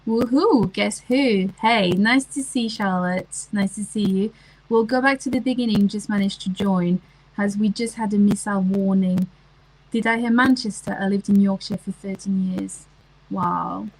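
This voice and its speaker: A woman's voice: medium pitch, normal speed, low-quality recording. Chatty woman streamer. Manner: chatty, hesitant, many ums and restarts. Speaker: livestream host. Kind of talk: casual livestream chat reading comments.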